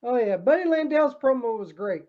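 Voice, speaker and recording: Man, podcast co-host, excitable, blunt, animated intonation, muffled lo-fi audio. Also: very high voice, normal speed. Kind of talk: casual chat.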